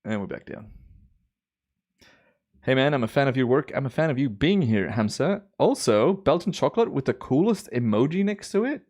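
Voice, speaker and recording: A man's voice: mid-range voice, normal speed. A young man hosting a live stream, talking casually and thinking aloud as he reviews footage and answers chat. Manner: relaxed, chatty, thinks aloud. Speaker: livestream host.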